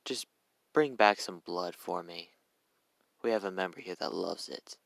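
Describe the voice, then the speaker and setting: A man's voice: low voice, measured pace, gravelly, a bit bright, no room sound, full character voice. A man voicing a cold, commanding young villain leader in a fan story. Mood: menacing.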